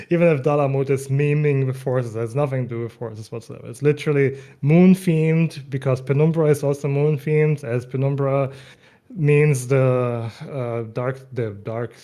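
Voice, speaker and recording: Brief: male guest, dark mellow voice, easygoing explainer. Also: mid-range voice, normal speed. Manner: relaxed, explanatory, laughs often. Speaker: mod developer, guest. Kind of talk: casual interview.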